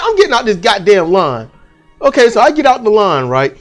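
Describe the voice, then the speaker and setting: A man telling a story at home in a casual, animated way, swearing freely and acting out the people he quotes. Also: sits high, a little fast, soft background music. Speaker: channel host.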